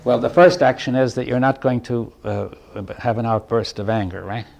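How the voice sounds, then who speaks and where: A man's voice: mid-range voice, creaky. Man musing aloud in a talk, keeps restarting, lots of "right?" checks, little chuckles. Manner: halting, restarts phrases, keeps checking in with the listener; soft chuckles between points. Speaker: speaker giving a talk. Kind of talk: reflective spoken lecture.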